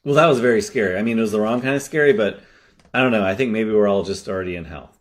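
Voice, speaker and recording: A man's voice: lowish voice, racing, close to an everyday voice. A man playing a frustrated director who scolds AI actors with sarcastic commentary. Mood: exasperated. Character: exasperated director of an AI horror shoot.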